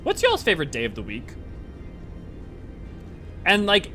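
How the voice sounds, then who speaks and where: Animated, chatty man streaming games. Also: high voice, unhurried, faint music behind. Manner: animated, rambling, chatty with viewers. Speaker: game streamer. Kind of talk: casual live-stream chat.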